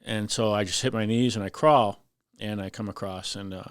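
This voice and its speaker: Veteran fire lieutenant, fairly low voice, lively storyteller; dry studio sound. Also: male voice, moderate pace, clean tone, no echo. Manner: animated, acts out voices in his story. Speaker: firefighter lieutenant guest. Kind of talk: casual storytelling on a podcast.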